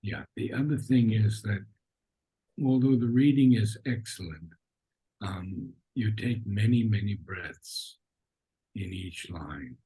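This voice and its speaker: A man gently coaching a reader, giving corrections and demonstrating how to deliver lines. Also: lowish voice, lively intonation, slow pace, husky, poor audio. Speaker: reading teacher.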